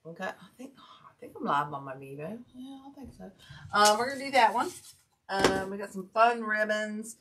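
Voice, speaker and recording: Chatty folksy woman with a bright voice. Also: medium pitch, expressive, moderate pace, slight background noise. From Ohio, USA. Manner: chatty, folksy, greets viewers by name. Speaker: wreath-making livestream host. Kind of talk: casual craft livestream chat.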